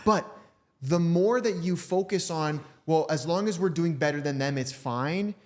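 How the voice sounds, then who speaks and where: A man's voice: a little high, measured pace. Casual man hosting a podcast. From Canada. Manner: casual, fills with "like" and "right?".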